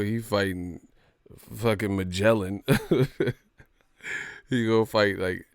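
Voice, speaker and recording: Male stream host, unhurried, gravelly, cussing, casual rant. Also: fairly low pitch, no room sound, clean studio sound. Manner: profane, slangy ranting with laughs. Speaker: boxing live stream host. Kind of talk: casual live stream commentary.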